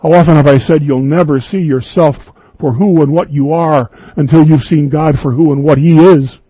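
A man's voice: fairly high pitch, steady tone, moderate pace, slightly rough, no echo, dull audio. A man preaching an earnest, emphatic radio sermon, reading scripture and quoting at length.

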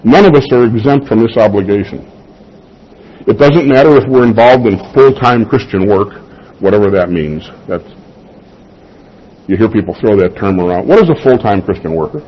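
A pastor speaks at a moderate pace in a lowish voice with lively intonation, preaching conversationally and addressing rhetorical questions to the congregation. It's captured in slightly dull lo-fi sound.

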